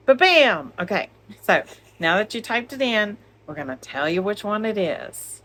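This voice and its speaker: A woman's voice: mid-range voice, lively intonation, normal speed, a bit bright. A woman co-hosting a crochet vlog at home, chatting casually and joking, filmed on a phone. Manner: chatty, laughing, jokey. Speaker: crochet channel co-host. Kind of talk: casual chat. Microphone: phone camera.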